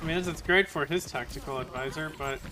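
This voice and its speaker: A man streaming a competitive shooter game, chatting to viewers with excitable exclamations and self-mocking jokes. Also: fairly high pitch, quick pace. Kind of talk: live gaming stream commentary.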